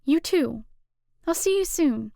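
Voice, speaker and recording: A woman doing a heartfelt teenage girl, pitched up and loud, pleading with her best friend in a storybook reading. Dry, close sound. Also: lively intonation, slow, gravelly, dry recording, heavily acted. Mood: reassuring. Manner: emphatic, pleading delivery.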